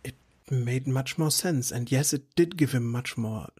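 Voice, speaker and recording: German-accented man, dry and relaxed. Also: mid-range voice, unhurried, breathy edge. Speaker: podcast host. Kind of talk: casual interview chat.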